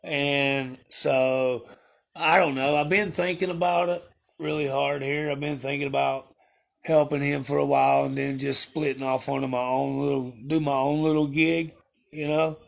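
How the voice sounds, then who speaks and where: A man's voice: on the high side, steady tone, moderate pace, creaky. A young man chatting casually to his viewers, telling a rambling story with crude slang and lots of fillers. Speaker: livestreamer.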